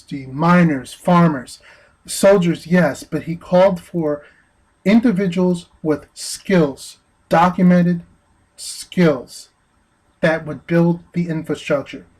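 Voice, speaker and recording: A man giving an earnest opinion monologue, speaking haltingly with frequent restarts. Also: fairly high pitch, a little mellow, slightly rough, low-quality recording. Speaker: vlogger.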